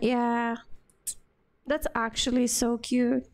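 A woman's voice: on the high side, steady tone, measured pace, soft background music. A woman gaming streamer giving casual spoken reactions while she plays a story game. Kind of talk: casual gameplay commentary.

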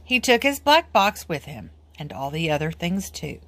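A woman reading a children's book aloud in an expressive, sing-song way. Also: low-pitched, moderate pace, few pauses. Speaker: storybook reader.

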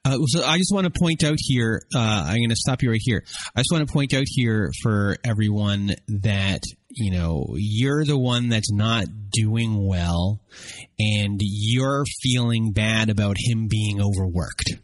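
A male podcast host breaks into the story to underline a point for his audience. His voice sits fairly low, and the sound is dry with no room. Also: unhurried, no room sound. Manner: interjecting to highlight a point. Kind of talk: interview.

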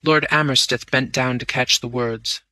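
A man reading a classic story aloud in measured first-person narration. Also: mid-range voice, fairly even intonation, pushed and bright, no room sound. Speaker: audiobook narrator.

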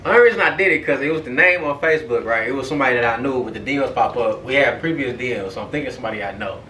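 A young man hosting a podcast, telling a story in a casual, profane, animated way and often checking in with "right?". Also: medium pitch, racing, slight background noise. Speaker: podcast host. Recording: echoey room, far from the mic.

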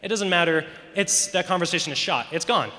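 A man's voice: high-pitched, fairly quick, sharp tone. A teenage boy doing rambling, self-mocking stand-up comedy on a school talent show stage. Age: teens. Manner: rambling, self-mocking, lots of "you know". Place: large school auditorium stage. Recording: echoey hall.

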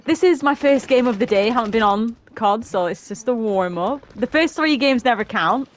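A woman streaming a shooter game, chatting casually and making quick callouts to her squad. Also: a little high, expressive, slight background noise. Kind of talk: casual gaming chat.

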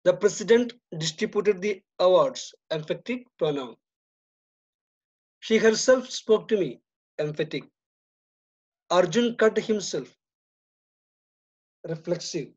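A man with an Indian English accent works slowly through a grammar exercise. He reads each sentence and then drops his voice to give the answer. The recording is dull and lo-fi. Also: high-pitched, expressive, darkish tone, slightly rough. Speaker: teacher. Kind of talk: slow, deliberate grammar lesson.

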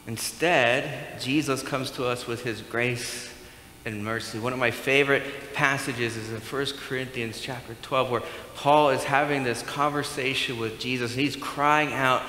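A man's voice: mid-range voice, fairly even intonation, unhurried, bright, forceful tone, roomy sound, big-room sound, slight background noise, rough recording. A man preaching a sermon as pastor, talking conversationally and asking the congregation questions. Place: church sanctuary.

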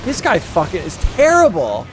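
A man livestreaming a video game rants, yells and swears at it with mounting, exasperated frustration as live gameplay commentary. His high-pitched voice swoops wildly at a moderate pace, over music and game noise of gunfire and vehicles.

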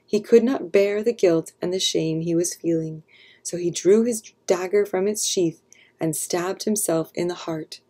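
A woman reading a storybook aloud for children, narrating calmly and clearly. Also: on the low side, normal speed.

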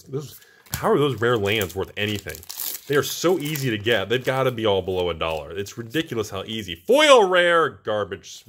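A male host giving casual, excitable, joking commentary while opening card packs. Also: on the low side, a little hiss or hum. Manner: excitable, exclaiming, jokey.

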